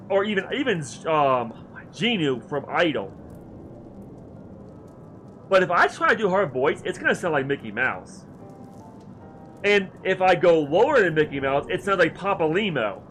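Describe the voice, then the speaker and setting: A man streaming a video game, chatting in an animated, rambling, self-deprecating way. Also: on the high side. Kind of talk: casual chat while livestreaming a game.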